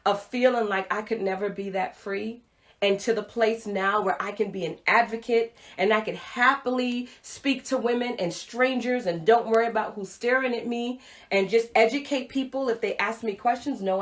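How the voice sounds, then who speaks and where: A middle-aged woman giving a motivational livestream talk, telling a personal story with animated acted-out dialogue. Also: on the high side. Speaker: motivational speaker. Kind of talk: Facebook Live talk to viewers.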